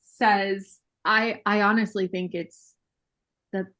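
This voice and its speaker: A woman running a tabletop game as game master, narrating and laughing with her players. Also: mid-range voice. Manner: lively, unhurried, laughs often.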